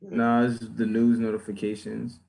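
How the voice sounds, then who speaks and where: A man co-hosting a casual chat, making dry, unhurried remarks. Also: fairly low pitch, monotone, gravelly, darkish tone, low-quality recording.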